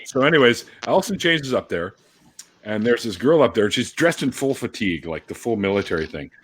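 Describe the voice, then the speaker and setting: A middle-aged man with a husky, slightly breathy voice tells stories in a casual online chat. His pitch leaps around as he gets animated, and he laughs and swears freely. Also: a little fast. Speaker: host.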